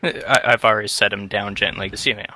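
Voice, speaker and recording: A man's voice: lowish voice, fairly even intonation, quick pace, bright, forceful tone, no echo. A man playing a tabletop game, speaking in character hesitantly and playfully. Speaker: player. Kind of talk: tabletop role-play in character.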